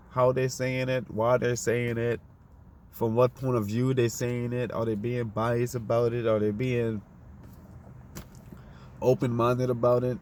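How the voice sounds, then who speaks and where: A man's voice: medium pitch, slight background noise. A man delivering a fiery, profane, unscripted monologue, firing off rhetorical questions in a preachy tone.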